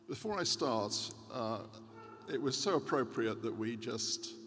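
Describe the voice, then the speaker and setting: A man in his sixties giving a formal keynote speech as a central bank governor, measured and earnest with occasional hesitations. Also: medium pitch, lively intonation, fairly bright tone, faint music behind. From United Kingdom. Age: 60s. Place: large conference hall. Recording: reverberant hall with faint background noise.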